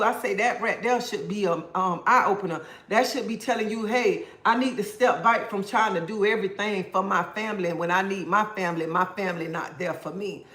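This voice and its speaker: A man's voice: high voice, a little fast, hardly any pauses, fairly bright tone. A man hosting a casual livestream, answering viewer comments and giving preachy life advice. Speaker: livestream host. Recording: roomy echo.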